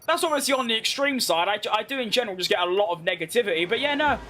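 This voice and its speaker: A man with a London accent streaming a racing game, chatting with viewers and yelling excitedly at the race. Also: high voice, rapid-fire, slight background noise. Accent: London English. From London, England. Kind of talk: live gameplay commentary and chat.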